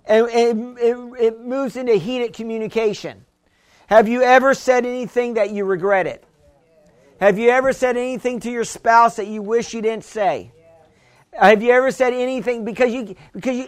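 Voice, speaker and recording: A pastor preaching a conversational sermon, often restarting phrases and asking the congregation whether they hear him. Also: male voice, high-pitched, a bit bright. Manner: conversational preaching with frequent restarts and call-and-response questions.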